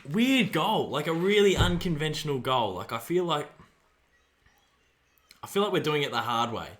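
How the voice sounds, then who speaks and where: An Australian man giving live fan commentary on a football match, excitable, shouting player names and dropping to mutters. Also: a little high, normal speed. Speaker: fan streamer.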